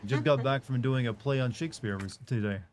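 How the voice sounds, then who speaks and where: A man's voice: mid-range voice, fairly quick, a little mellow, a little hiss or hum. A man hosting a game stream, chatting loosely and joking, with some swearing. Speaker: gaming streamer. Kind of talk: casual stream chat.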